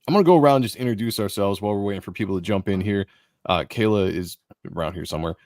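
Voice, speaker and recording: A man's voice: fairly low pitch, very fast, darkish tone, no echo. A man hosting a casual livestream panel, joking loosely as he welcomes each guest by name. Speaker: host.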